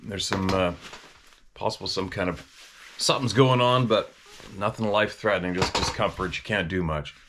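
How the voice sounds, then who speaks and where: A man's voice: low voice, normal speed, noisy background. A man hosting a casual talk, a former hunting guide telling stories in a rambling, questioning way. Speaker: host.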